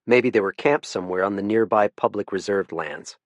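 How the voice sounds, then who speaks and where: A man reading a first-person mystery audiobook in a low, understated voice. His delivery is dry and even. The studio sound is close with no room echo. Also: fairly quick. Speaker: audiobook narrator.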